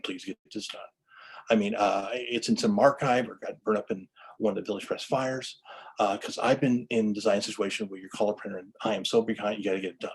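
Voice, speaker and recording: A man's voice: fairly low pitch, darkish tone, breathy edge, rough recording. A man giving an enthusiastic lecture-style story about book history, full of restarts and stammers.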